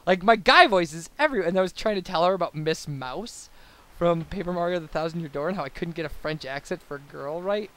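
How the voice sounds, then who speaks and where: Casual young male commentator, high voice, rambly and chatty. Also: expressive, quick pace, a bit bright. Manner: rambling and babbling, lots of fillers and tangents. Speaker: let's play commentator. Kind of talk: casual post-commentary chat over gameplay.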